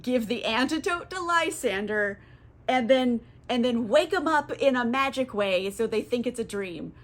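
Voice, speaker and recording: A scheming male fairy king, as a woman puts him on, snaps out curt, dismissive orders. The voice sits somewhat high and brisk. It is told as a casual comic retelling. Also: expressive, natural voice. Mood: bossy.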